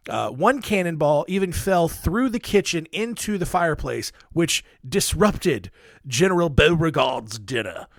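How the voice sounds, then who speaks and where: A man with a somewhat high voice hosts a casual history podcast, rambling through his stories with offhand, self-deprecating asides. The recording is dry and close, with a handheld mic. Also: expressive, a little slow, dry recording. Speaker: podcast host. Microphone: handheld microphone.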